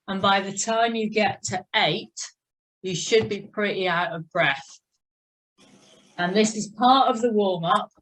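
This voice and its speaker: A cycling instructor leads her online class over a video call, counting down time with chatty remarks in between. Her mid-range voice is a bit bright, and the recording is rough.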